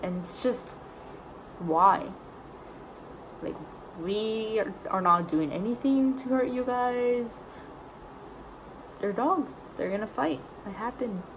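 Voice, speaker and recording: A woman's voice: fairly high pitch, takes it slowly, long pauses, noisy background. A young woman vlogger casually retelling a story, chatty and indignant, full of "like"s.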